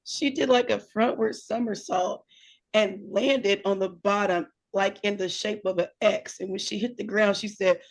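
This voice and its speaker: Female co-host, animated storyteller, slight vocal fry, casual delivery. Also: mid-range voice, normal speed. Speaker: podcast co-host.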